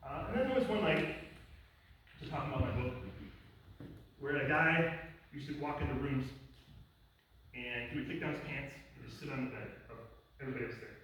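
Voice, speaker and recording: A man's voice: mid-range voice, brisk, long pauses, fairly bright tone. A man speaking as a guest on mental illness, telling a personal story to a live class in a casual, conversational way with bursts of emphasis. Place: academy lecture room. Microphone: distant room mic. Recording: echoey room, distant mic, faint noise.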